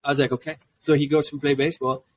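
A man in his forties with a German accent tells stories casually as a podcast guest. He breaks into quick acted-out lines from his kids as he goes. His voice sounds a little distant from the mic, as if recorded at a convention booth. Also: on the high side, a little hiss or hum. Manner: animated, jumps into quoted voices of his kids. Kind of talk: casual storytelling.

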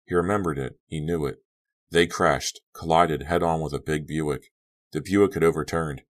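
A man narrating an audiobook in steady, clipped storytelling. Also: rumbling low, moderate pace. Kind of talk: scripted narration.

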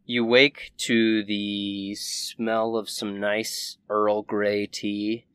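A man's voice: on the low side, flat delivery, extremely slow, a bit bright, clear, resonant tone, no room sound, studio quality. A man narrating a tabletop game as game master, casual and hesitant, with many fillers.

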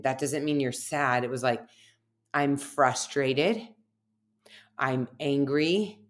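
A middle-aged woman, a research scientist guest, talking reflectively on a podcast, telling personal stories with many fillers. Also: rumbling low. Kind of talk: casual podcast conversation.

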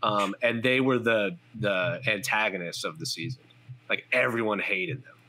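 A man's voice: lowish voice, normal speed, sharp tone, a little hiss or hum. A man hosting a fight podcast, talking loosely with lots of fillers. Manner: conversational, loose, frequent "like" fillers. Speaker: podcast host. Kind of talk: casual chat.

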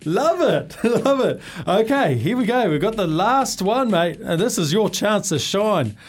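A man's voice: high-pitched, animated, a little slow, noisy background. A man hosting a call-in radio quiz, upbeat and laughing often, calling everyone mate. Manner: upbeat, laughs a lot, calls people mate. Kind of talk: breezy morning radio banter.

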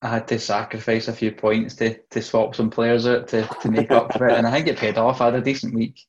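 A young Scottish man chatting on a podcast, swearing casually as he tells stories. His voice sits at an ordinary pitch. The recording sounds a bit dull and lo-fi. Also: level tone, a little fast, a little hiss or hum. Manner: swears freely, storytelling with laughs. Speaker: podcast co-host. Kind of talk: casual chat.

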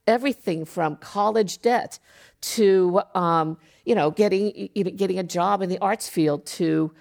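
A middle-aged woman speaks on a panel at a middle pitch, with a gravelly, creaky edge to her voice. She leads an arts organization and talks earnestly and at a measured pace, with fillers along the way. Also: a little mellow. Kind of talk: panel discussion.

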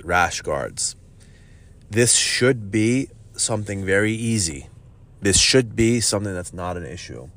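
A man's voice: low-pitched, fairly bright tone. A man hosting a podcast, talking bluntly in a casual monologue, cursing and calling listeners bro. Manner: blunt, profane, says "bro". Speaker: podcast host, gym owner.

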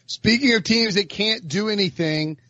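A man's voice: sits high, normal speed, sharp tone, no echo, lo-fi sound. A man hosting a sports podcast, joking around and reading out stat lines. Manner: jokey, reads stats in a rattling list. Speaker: podcast host. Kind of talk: casual sports chat.

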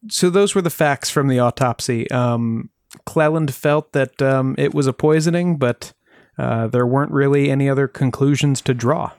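A podcast host telling a true-crime case in casual chat, with wry asides and filler pauses. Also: medium pitch, darkish tone, no room sound, clean studio sound.

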